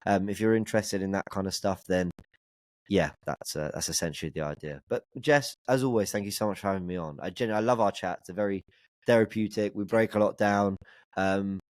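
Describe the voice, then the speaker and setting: A man's voice: fairly low pitch, brisk, dry recording. A man guesting on a football podcast, chatting casually with wry, sarcastic asides.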